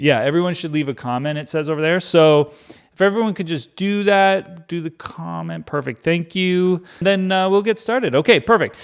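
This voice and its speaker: A man's voice: a little high, expressive, moderate pace, gravelly, clean tone. A man hosting a comedic Bible reading, rambling with joking asides and lots of filler words. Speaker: host.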